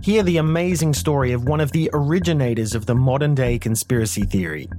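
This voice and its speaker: A man's voice: medium pitch, fast talker, mellow, faint music behind. A man announcing a podcast promo in a dramatic, scripted announcer read.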